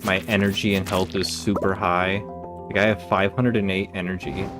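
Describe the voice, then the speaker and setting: A relaxed man narrates his video game session in an easy, chatty way, musing aloud about what he finds. His voice sits a little low. Game music plays clearly underneath him. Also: normal speed. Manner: laid-back, chatty, musing aloud while playing. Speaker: gaming video creator. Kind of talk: casual gameplay commentary. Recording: game music playing behind.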